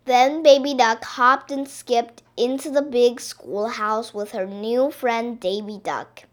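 A woman reading a children's picture book aloud in an expressive, drawn-out way. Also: a little high.

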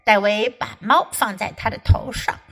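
A woman's voice: mid-range voice, moderate pace, low-quality recording. A woman with an American English accent reading a children's story aloud and explaining it like an English teacher. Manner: expressive, lively storyteller.

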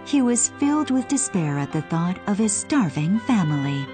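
A woman narrating a children's storybook in an expressive storytelling cadence. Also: medium pitch, normal speed, music in the background.

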